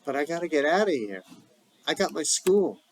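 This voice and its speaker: A woman's voice: deep voice, sing-song, normal speed, husky, voice pushed up, exaggerated voice, low-quality recording. A man voicing a stubborn young woman recovering in a hospital bed, insistent and restless. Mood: desperate.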